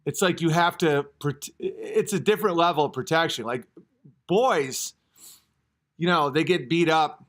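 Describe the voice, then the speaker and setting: With a fairly high voice at a measured pace, this man in his thirties runs a casual livestream, responding to chat with rambling jokes. Every so often he breaks into loud theatrical outbursts.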